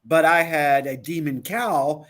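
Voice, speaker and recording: A man's voice: on the high side, unhurried, a bit bright. A man co-hosting an online talk show, telling a trip story in casual chat, acting out quotes and laughing often. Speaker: podcast co-host.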